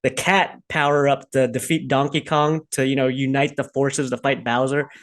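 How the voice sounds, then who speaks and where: A man's voice: mid-range voice, flat delivery, moderate pace, a bit bright. An easygoing man who laughs often, hosting a casual movie review chat with friends. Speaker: podcast host.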